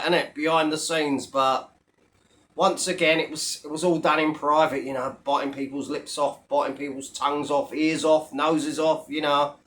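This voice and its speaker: A man's voice: on the high side, pushed and bright. A man rants straight to his viewers, blunt and full of swearing. His tone stays scornful and mocking as he tears into his targets. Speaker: online commentator. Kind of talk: profane rant to camera.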